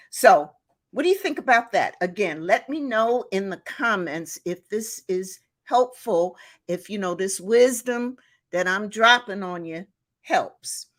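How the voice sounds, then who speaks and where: A woman's voice: medium pitch, fairly bright tone. A woman hosts a live advice stream and speaks to her viewers unhurriedly. Her mid-range voice rises and falls a great deal, and she keeps a chatty, encouraging tone. She laughs often and fills her talk with "you know.". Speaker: live show host.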